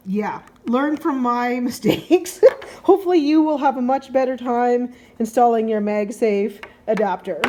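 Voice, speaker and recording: At home, a woman tech vlogger chats her way through a casual unboxing and hands-on gadget demo, rambling and often correcting herself as she explains each step. Her voice is a little high and mellow, picked up by a handheld camera mic.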